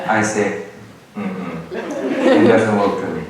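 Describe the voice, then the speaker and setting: A middle-aged man giving a public meditation talk in halting English, playful and quick to laugh. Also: fairly low pitch, animated, a crowd in the background. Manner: slow, playful, laughs often, halting non-native English. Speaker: meditation teacher. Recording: echoey hall, distant mic, background ambience.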